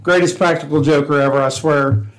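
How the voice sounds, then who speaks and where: A man with a fairly high voice tells a prank story from his police days, laughing at his own punchlines. He acts out what people said as he goes, and the talk is loose and chatty. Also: fairly even intonation, a little fast, rough recording. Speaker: podcast co-host, former police officer. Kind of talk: casual storytelling chat.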